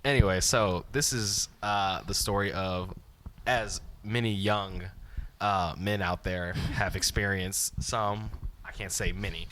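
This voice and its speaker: A young man co-hosting a podcast, telling a funny story in an animated, laughing way. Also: sits low, takes it slowly, slight background noise. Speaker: podcast co-host. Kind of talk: casual storytelling chat.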